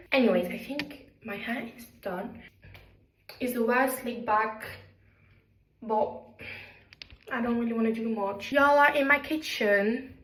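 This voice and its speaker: A young woman from Belgium talking casually to her vlog camera in her kitchen, chatty and self-deprecating as she tells stories. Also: a little high. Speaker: vlogger. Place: home kitchen.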